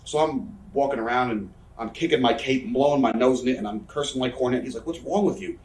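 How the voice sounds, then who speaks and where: Fast-talking, profane man in a roomy space. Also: mid-range voice, darkish tone, far from the mic. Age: 30s. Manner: profane, rambling, candid. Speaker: professional wrestler interviewee. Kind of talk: candid shoot interview storytelling. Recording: roomy, voice from away from the mic.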